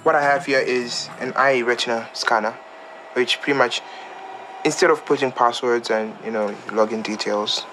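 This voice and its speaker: An actor playing an eager IT worker explaining a new gadget. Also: male voice, medium pitch, steady tone, normal speed, fairly bright tone, slight background noise, lightly acted. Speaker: IT expert.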